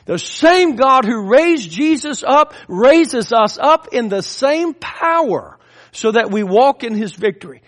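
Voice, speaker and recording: A man's voice: extremely high pitch, big pitch swings, slow, a bit bright. A man preaching a sermon with impassioned, rising and falling emphasis.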